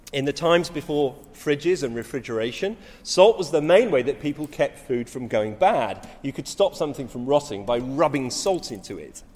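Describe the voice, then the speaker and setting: A man's voice: fairly high pitch, a little mellow, in a large hall. A middle-aged man preaching a sermon, telling stories with rising emphasis and frequent restarts.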